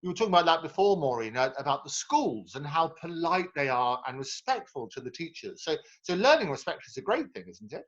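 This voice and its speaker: A man's voice: fairly high pitch, sing-song, a little fast, hardly any pauses, fairly bright tone, muffled recording. A man hosting an interview over a video call, eager and repeating his words as he gets going. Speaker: interview host. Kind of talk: casual interview.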